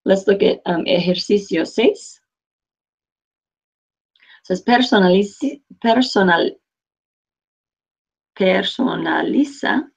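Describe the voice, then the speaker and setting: A woman's voice: lowish voice, creaky, husky, muffled recording. A woman teaching a Spanish class online, patiently correcting her students by name. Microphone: computer mic on a video call.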